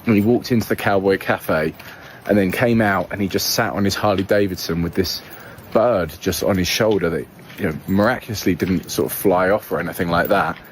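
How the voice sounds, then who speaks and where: A man's voice: sits low, a little fast, a little hiss or hum. A British man chatting casually to camera about a small town, rambling with lots of ums. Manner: relaxed, rambling with many fillers. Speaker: travel vlogger. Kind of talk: casual travel talk to camera.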